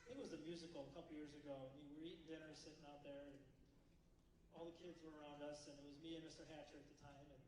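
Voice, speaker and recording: A man's voice: a little high, little pitch movement, racing. A man, a band director, introducing a guest at a school concert in a chatty, storytelling way with plenty of fillers. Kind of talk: casual stage introduction. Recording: echoey hall from far off, noisy.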